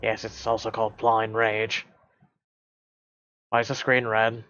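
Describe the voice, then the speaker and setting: A man's voice: fairly low pitch, completely flat delivery, unhurried, pushed and bright, no echo, muffled recording. A man reading a story game aloud, with dry, sarcastic asides between the narration.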